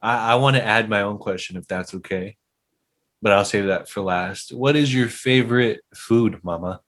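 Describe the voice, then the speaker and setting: A young man co-hosting a casual podcast, asking quick questions in a playful, teasing way. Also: fairly low pitch, fairly bright tone. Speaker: podcast co-host.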